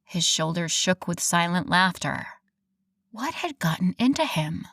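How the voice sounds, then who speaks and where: A woman narrating a first-person romance audiobook in an expressive, wry storytelling manner. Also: lowish voice, a little slow.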